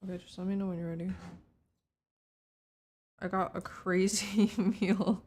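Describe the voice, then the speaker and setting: A woman's voice: mid-range voice, steady tone, measured pace, darkish tone. A woman in her twenties, a streamer, chatting casually and teasing a friend over voice chat. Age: 20s.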